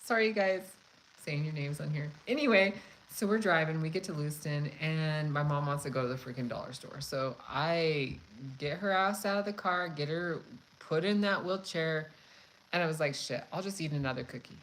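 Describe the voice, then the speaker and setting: A woman hosting a cooking channel, chatting casually and telling a story in a frank, profane, animated way. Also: low voice, normal speed, slight background noise, poor audio. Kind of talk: casual live chat storytelling.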